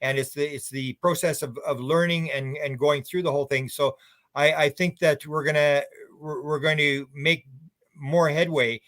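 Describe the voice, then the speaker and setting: A man's voice: a little high, steady tone, moderate pace, fairly bright tone, no echo. Older man rambling, opinionated, dry sound. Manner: rambling, opinionated, talks in long run-on thoughts. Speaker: UFO researcher guest. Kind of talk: radio interview answers.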